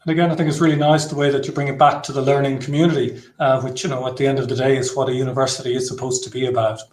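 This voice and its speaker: A man's voice: mid-range voice, little pitch movement, racing, a little mellow. A man with a courteous, appreciative manner, putting formal interview questions to a guest. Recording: echoey room.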